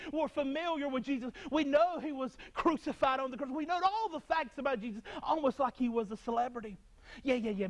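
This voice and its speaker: Man, preacher, very high voice, fervent sermon, repeats phrases, frequent restarts.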